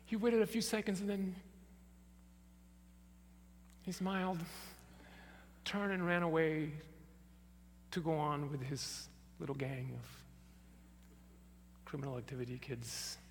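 A man's voice: a little high, fairly even intonation, unhurried, long pauses. A male pastor telling a story in a sermon, acting out the voices, then praying. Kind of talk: storytelling sermon ending in prayer. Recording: echoey hall with faint hum.

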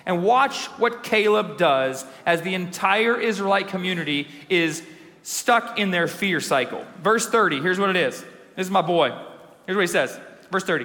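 High, bright-voiced preacher man in a hall. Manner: energetic, emphatic preaching with dramatic slow pauses. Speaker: pastor. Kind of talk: sermon. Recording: long hall reverb.

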